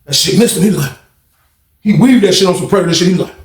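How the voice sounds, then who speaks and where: A man hosting a storytime channel, telling a prison story in a profane, excitable way and acting out the fights with sound effects. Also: sits high, very fast. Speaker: storytime host. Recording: roomy echo.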